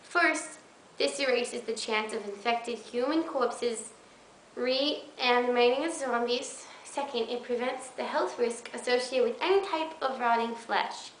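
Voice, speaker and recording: A woman's voice: fairly high pitch, measured pace, voice pushed up, close to an everyday voice. A woman putting on a childish baby voice to read survival instructions aloud. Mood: babyish. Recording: roomy echo, faint background noise.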